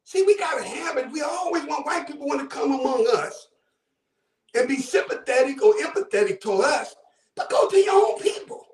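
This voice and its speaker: Calling in to a talk show from Buffalo, New York, this man delivers fervent, preacher-like commentary and often raises his voice. His pitch is extremely high and animated, his pace moderate. The recording sounds roomy and distant.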